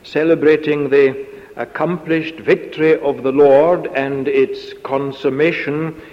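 Slow, measured preacher in an echoey hall. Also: male voice, fairly high pitch, fairly even intonation. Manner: measured, deliberate. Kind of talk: expository sermon. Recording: dull lo-fi tape in echoey hall.

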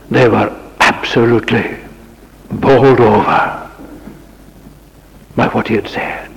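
A man preaching a sermon in a church, with dramatic rising questions and sudden quiet passages. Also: medium pitch, fairly even intonation, takes it slowly, gravelly, pauses often, big-room sound, poor audio.

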